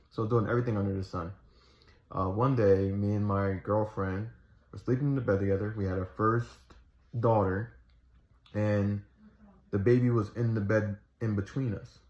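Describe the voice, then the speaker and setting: A man's voice: fairly low pitch, darkish tone. A man casually telling a personal faith story, rambling with restarts and earnest retellings. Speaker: Christian storyteller. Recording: echoey room, slightly dull sound.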